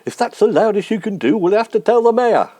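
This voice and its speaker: A man's voice: sits high, animated, brisk, dark tone, no room sound. A man voicing an exasperated, blustering middle-aged man, indignant and sarcastic, in a comic sketch impression.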